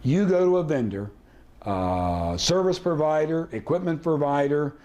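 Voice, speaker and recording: A man's voice: on the high side, lively intonation, a little slow, a little mellow, muffled recording. A man teaching a negotiation seminar, asking his audience rhetorical questions and acting out sample dialogue. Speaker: negotiation trainer.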